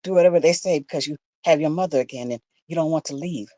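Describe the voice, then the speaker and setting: A woman's voice: sits low, fast talker, dry recording. A woman performing an intense spoken word piece, repeating lines and building to raised, pleading passages. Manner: intense, repetitive, building to shouted pleas.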